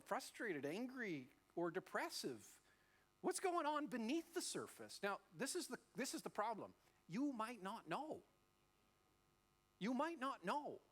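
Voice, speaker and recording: A middle-aged man preaching a sermon as a pastor, telling stories and acting out voices as he goes. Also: fairly high pitch. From Australia. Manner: animated storytelling, acting out voices. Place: church.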